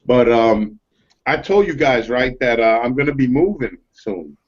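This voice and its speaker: A man's voice: medium pitch, expressive, unhurried. A man from New York chatting casually on a group call, loose and repetitive, tossing "bro" into most sentences. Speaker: collector on a group video chat. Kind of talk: casual chat. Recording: dull lo-fi web call audio.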